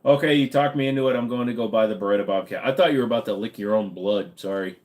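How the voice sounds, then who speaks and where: A man's voice: on the low side, fast talker, darkish tone. A tired, cranky man hosts a casual live stream from home, answering viewer questions. He has a slight Minnesota accent. He wisecracks and swears offhandedly. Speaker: livestream host.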